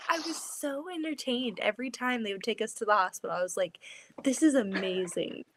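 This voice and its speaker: A woman's voice: fairly high pitch, fairly quick, a bit bright, a little hiss or hum. A woman hosting a live sewing stream, chatting casually with a giggly, eager manner. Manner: giggly, eager, lots of fillers. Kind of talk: casual chat. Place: home sewing room.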